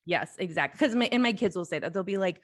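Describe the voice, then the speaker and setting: A woman's voice: fairly low pitch, animated, fast, dry recording, studio quality. A middle-aged woman co-hosting a casual podcast, supportive and affirming, often trailing off mid-thought. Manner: supportive, frequent "mm-hmm" affirmations, easily sidetracked. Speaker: podcast co-host. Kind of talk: casual chat.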